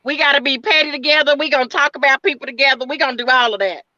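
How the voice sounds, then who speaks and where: A woman's voice: sits high, racing, sharp tone, highs cut off. A woman co-hosting a casual talk show, speaking candidly and emphatically about relationships. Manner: emphatic, candid, talks over others. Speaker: co-host. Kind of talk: casual chat.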